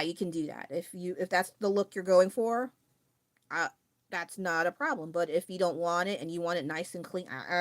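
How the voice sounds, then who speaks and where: A woman with a fairly low voice chats casually on a drawing livestream, recorded with no echo. This art streamer rambles, often restarts her sentences, and laughs a lot.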